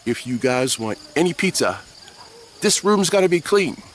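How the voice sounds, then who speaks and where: A man's voice: fairly high pitch, sing-song, normal speed, a little hiss or hum, pitched above the performer's own voice. Man playing an annoyed mom, stern and scolding, faint crickets behind. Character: annoyed mother scolding children.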